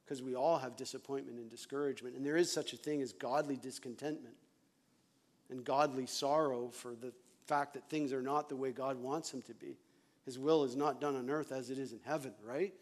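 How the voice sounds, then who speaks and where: A man who is a pastor, preaching an earnest, confessional sermon to fellow pastors, moving from hushed moments to loud ones. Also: on the high side.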